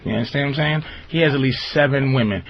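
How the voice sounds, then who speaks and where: Husky man hosting a lo-fi radio talk show. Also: mid-range voice, quick pace. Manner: rambling, emphatic, often asks "you understand".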